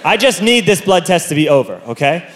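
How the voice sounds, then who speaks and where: A man doing a stand-up comedy routine on stage, telling a self-mocking story with loud outbursts into a handheld mic. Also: a little high, very animated, a little fast. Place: comedy stage before an audience. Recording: live comedy show with audience laughter.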